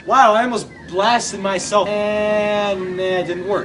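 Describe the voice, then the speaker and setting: A man with a very high, sharp and bright voice talks through his own gameplay. He is excitable, yelping and shouting at every slip and near miss. A faint hiss of noise sits under his voice. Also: slow pace. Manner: excitable, yelps and shouts at failures. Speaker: gamer. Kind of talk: gameplay commentary.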